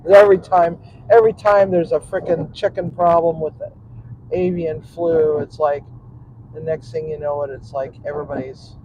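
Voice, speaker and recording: A man's voice: on the high side, fairly even intonation, normal speed, warm tone, lo-fi sound. A man, a cook and vlogger, rambling casually to his audience from his car in traffic, laughing often and muttering asides. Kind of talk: casual rambling monologue while driving.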